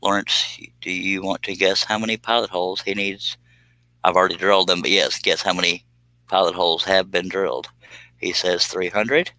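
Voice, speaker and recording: Man, deep voice, dry close sound, joking live-stream chat. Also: steady tone, moderate pace, sharp tone, no room sound, low-quality recording. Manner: joking, chatty, reads out viewer comments. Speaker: livestream host doing scroll saw work.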